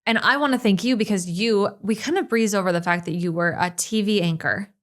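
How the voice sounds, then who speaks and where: A woman's voice: medium pitch, brisk. Enthusiastic woman hosting a podcast. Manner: enthusiastic, emphatic, conversational. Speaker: podcast host, business owner. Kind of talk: casual podcast chat.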